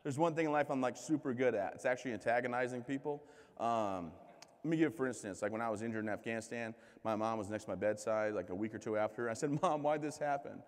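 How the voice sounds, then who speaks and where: A man in his thirties from the United States giving a keynote speech as a string of comic stories, joking and poking fun at himself, with lively voices for the people he quotes. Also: mid-range voice, quick pace. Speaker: keynote speaker. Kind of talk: comedic storytelling speech. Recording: reverberant hall.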